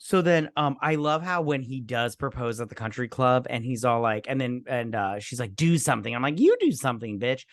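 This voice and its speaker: A man's voice: medium pitch, normal speed, few pauses, a bit bright, dry recording, studio quality. A man co-hosting a drinking movie review show, rambling and swearing as he acts out scenes in raised voices. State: drinking while talking. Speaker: podcast co-host. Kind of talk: casual movie review chat.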